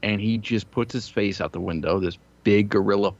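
A man's voice: on the low side, normal speed, highs cut off. A man in his thirties telling crude, rambling, self-mocking stories in casual chat. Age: 30s.

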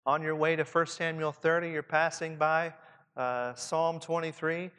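A man with a Southern Indiana accent preaching a reflective sermon to pastors, often dropping to a soft hush to stress a point. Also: a little high, flat delivery, measured pace, clean tone. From Southern Indiana, USA. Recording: long hall reverb.

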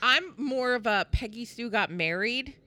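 A woman's voice: a little high, expressive, measured pace, pushed and bright. A woman co-hosting a podcast in casual chat, playful and blunt, laughing often. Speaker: podcast co-host.

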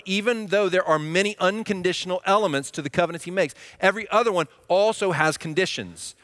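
Pastor, male, young adult; bright, slightly high voice, dry close sound, talks through his sermon and keeps checking the room is with him. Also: dry recording. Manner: conversational, checks in with listeners.

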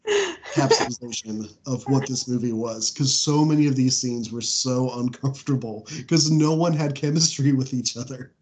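A man's voice: mid-range voice, very animated, normal speed, a little mellow, slight background noise. A man co-hosting a podcast, talking casually and rambling with many fillers and frequent laughs. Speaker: podcast co-host. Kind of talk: casual chat.

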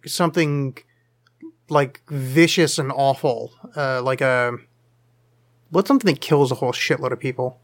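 Male podcast host, a bit high-voiced, loose and jokey, lots of ums while answering listener questions. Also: fairly bright tone. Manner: rambling, self-deprecating, jokey, many fillers. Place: home studio, leaning over to check screen.

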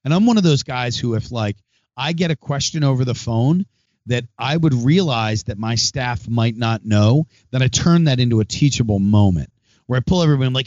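A man's voice: mid-range voice, expressive, moderate pace, darkish tone, no room sound, highs cut off. Chatty man rambling in a dry room. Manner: chatty, rambling, acts out phone calls. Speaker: podcast host and restaurant owner. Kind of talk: casual monologue.

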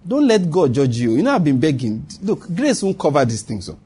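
A man's voice: on the high side, big pitch swings, fairly quick, few pauses, mellow, husky. A man preaching a sermon, earnest, teasing and exhorting.

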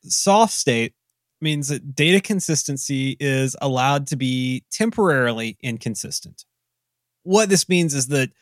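A man's voice: medium pitch, a bit bright, dry recording, clean studio sound. A man with a Southern US accent, co-hosting a casual technical talk with self-deprecating, rambling asides. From American South. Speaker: podcast co-host.

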